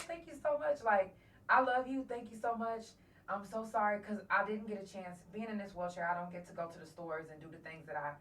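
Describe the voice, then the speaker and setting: A woman's voice: lowish voice, distant mic, a little hiss or hum. A woman hosting a live podcast, telling candid, emotional stories in a profane, casual way. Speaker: podcast host. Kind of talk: casual live-stream storytelling. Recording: roomy echo, voice from off mic.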